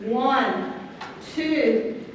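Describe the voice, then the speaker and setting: A woman clinician with a high, animated voice speaks extremely slowly as she coaches a string orchestra in rehearsal, counting beats aloud, singing counts and quizzing the players. She's in a large convention rehearsal hall, recorded from far off in echoey acoustics, with slight background noise.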